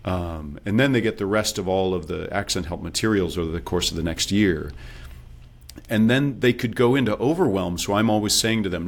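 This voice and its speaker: A man's voice: sits low, fairly quick. A man who coaches accents, talking casually and explaining, sometimes acting out quoted thoughts. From based in Texas. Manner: relaxed, explanatory, acts out quoted self-talk. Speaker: accent and dialect coach, guest. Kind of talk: casual interview talk.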